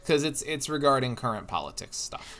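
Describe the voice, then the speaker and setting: A man's voice: mid-range voice, very animated, brisk, pushed and bright, soft background music. A tired man streaming a game, telling a rambling story in casual chat with lots of restarts. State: tired, yawning. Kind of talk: casual chat while gaming.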